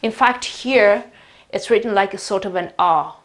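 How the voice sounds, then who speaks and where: Beside a whiteboard, an Italian woman gives an English pronunciation lesson in a chatty, explanatory manner, repeating words slowly as examples. Her voice sits in the mid range, and she speaks with the accent of her native Italian.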